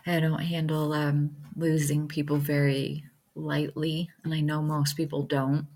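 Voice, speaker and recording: A woman speaking to her viewers in a halting, emotional way, close to tears, as a spiritual vlogger reflecting on loss. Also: sits low, level tone, darkish tone. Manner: halting, emotional, with many pauses and fillers. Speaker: spiritual vlogger, self-described light worker. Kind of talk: casual reflective talk to viewers.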